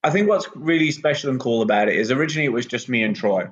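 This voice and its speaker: A man's voice: medium pitch, rapid-fire. Englishman rambling through a lo-fi chat. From England. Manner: relaxed, rambling, many ums and restarts. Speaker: wrestler, guest. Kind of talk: casual podcast interview. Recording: muffled lo-fi sound.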